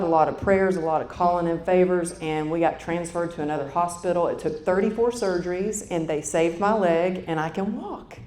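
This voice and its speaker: A woman's voice: normal speed, hardly any pauses, darkish tone. A woman in her fifties giving a motivational keynote, telling a story in a chatty way and talking straight to the audience. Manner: conversational, addresses the audience directly. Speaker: keynote speaker. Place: conference hall stage. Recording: echoey hall with faint rumble.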